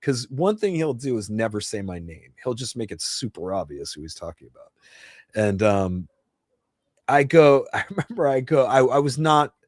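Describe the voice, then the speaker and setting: A New Jersey-born man in his fifties hosts a casual live Q&A stream from his home setup, speaking bluntly and profanely and rambling with frequent restarts. His medium-pitched voice swings widely in pitch at a moderate pace, and the sound is studio quality with no echo.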